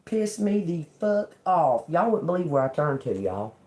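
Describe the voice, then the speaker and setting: Loud, laughing, foul-mouthed woman livestreaming. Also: moderate pace. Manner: loose, profane and animated, laughing often; swings between loud outbursts and low asides. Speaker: tarot reader and livestream host. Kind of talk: casual livestream chat and Bible reading.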